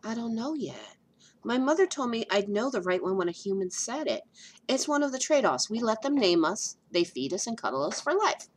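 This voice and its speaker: A woman's voice: fairly high pitch, very animated, moderate pace, husky, voice pushed up. A woman voicing a young male stray dog, earnest and a little plaintive, reading a storybook aloud.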